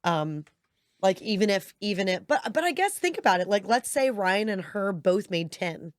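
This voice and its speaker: A woman's voice: medium pitch, animated, moderate pace, dry recording, studio quality. A woman co-hosting a casual podcast chat, chatty, often trailing off mid-thought. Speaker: podcast co-host.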